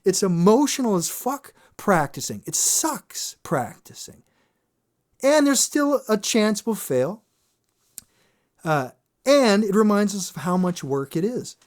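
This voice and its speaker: A man hosting a podcast, a singer talking in a casual, animated monologue, swearing freely and acting out quoted voices. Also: high-pitched. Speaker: podcast host.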